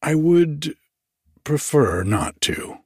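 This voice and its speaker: Man voicing a pale quiet clerk who just won't budge, soft and slow, husky low storybook voice. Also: sing-song, dry recording, clean studio sound, full character voice. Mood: mild refusal. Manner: mild, slow, quietly unyielding. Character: pale, meek, stubbornly passive male scrivener.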